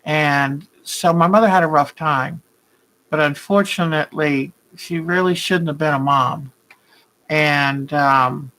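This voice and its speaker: A woman's voice: low voice, low-quality recording. An older woman hosting a quilting video, chatting casually with viewers and greeting them by name. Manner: chatty and warm-hearted, greets viewers by name, rambling asides. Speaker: quilting vlog host. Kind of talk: casual live chat with viewers.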